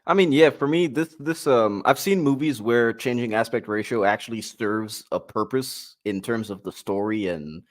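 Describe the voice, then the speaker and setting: A man's voice: mid-range voice, moderate pace, hardly any pauses. A man in a casual film review chat, enthusiastic, laughing often and chiming in.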